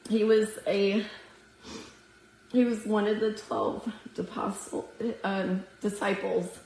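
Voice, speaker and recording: Tearful woman preaching slowly in an echoey room. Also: mid-range voice, steady tone, darkish tone. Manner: earnest, emotional, slow and prayerful. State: teary. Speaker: women's ministry speaker. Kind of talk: devotional sermon with scripture reading.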